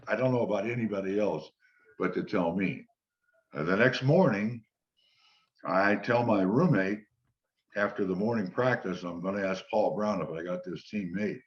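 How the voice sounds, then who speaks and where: An older man, a former football player, relaxed as he tells long anecdotes in an interview and quotes the people in them. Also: lowish voice, measured pace, long pauses. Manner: relaxed anecdotal storytelling, quoting others. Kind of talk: storytelling interview. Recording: dull lo-fi sound.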